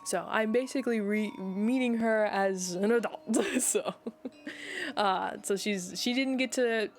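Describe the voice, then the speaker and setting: A woman's voice: mid-range voice, unhurried. A young woman streamer chatting casually with her viewers, talking in a rambling, heartfelt way.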